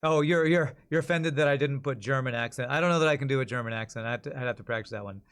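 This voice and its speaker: A man's voice: medium pitch, rapid-fire, a bit bright, clean tone. A man streaming and chatting casually, often restarting and rambling between thoughts. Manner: rambling, self-correcting, chatty.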